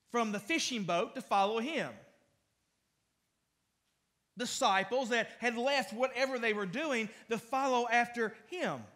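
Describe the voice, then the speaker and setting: A man's voice: very high-pitched, fairly bright tone. A man pastor preaching a conversational sermon in a church, with frequent restarts and fillers. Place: church sanctuary.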